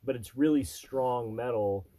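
A middle-aged man, a father co-hosting a casual podcast, who rambles with fillers and teases in a relaxed way. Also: medium pitch, unhurried, dry recording, poor audio. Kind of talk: casual chat.

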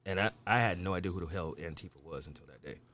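A man with a low voice tells a rambling story in casual conversation. He swears freely and leans on "you know" and "like" as he talks. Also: fast talker, a bit bright. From United States. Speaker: storyteller in a group chat. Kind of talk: casual chat.

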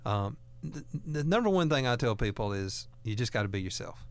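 A man's voice: mid-range voice, expressive, brisk. A man hosting a talk radio show, speaking in a folksy, earnest way and often repeating words as he goes. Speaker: radio host.

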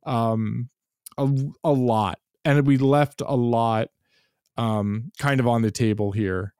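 A man's voice: mid-range voice, fairly even intonation, slow, a little mellow, clean tone, dry recording. Man, casual film podcast chat, resonant voice, dry close sound, swears a lot. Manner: swears freely, rambling restarts. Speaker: podcast co-host.

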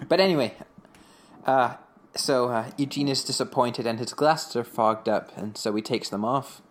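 A man co-hosting a podcast, recapping an episode in casual chat, rambling with lots of fillers and slipping into quick voices for quotes. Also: mid-range voice, a little hiss or hum. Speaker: podcast co-host.

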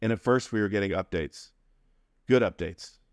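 Middle aged guy telling a personal story, jokey and laughing a lot, kinda low voice, dry sound. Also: normal speed, no echo. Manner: conversational, humorous, laughs between phrases. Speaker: interview guest.

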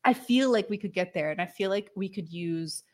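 This is a chatty woman talking in a relaxed podcast conversation, her voice sitting at an ordinary middle pitch. She rambles eagerly, peppering her sentences with "like" and breaking into laughs. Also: fairly quick. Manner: chatty and enthusiastic, heavy use of "like" fillers, laughs often. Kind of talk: casual chat.

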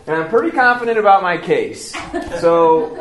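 A man's voice: sits high, expressive, moderate pace, a crowd in the background. A man performing a live improv scene with a mock-confident, bantering manner. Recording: echoey room with live audience.

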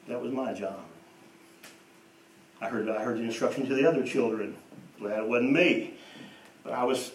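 A man preaching a sermon, telling stories and moving between hushed and emphatic delivery. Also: mid-range voice, slight background noise. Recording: echoey room, voice from a distance.

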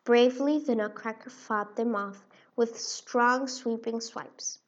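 A woman narrating a children's storybook in an expressive read-aloud way. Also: on the high side, slow pace. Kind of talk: storybook reading. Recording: dull lo-fi recording.

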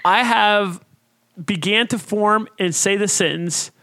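A man tells a story in casual chat, swearing freely and getting animated, sometimes shouting. His voice sits high and bright. The sound is close and dry. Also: brisk, no echo. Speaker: podcast co-host.

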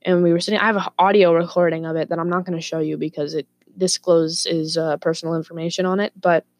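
Low-voiced profane woman vlogger. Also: quick pace, no echo. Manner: profane, animated, laughing asides. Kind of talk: casual storytelling to camera.

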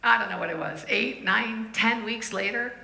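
Female preacher, animated storyteller, slightly high voice, roomy church sound. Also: normal speed, creaky. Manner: lively, laughing, acts out quoted voices. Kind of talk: sermon storytelling.

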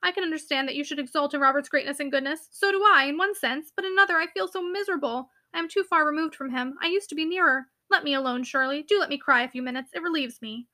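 A woman's voice: high-pitched, quick pace, hardly any pauses, pushed and bright. A woman voicing a passionate, tearful young woman who pleads and frets in a classic novel reading. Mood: pleading. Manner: pleading, emotional.

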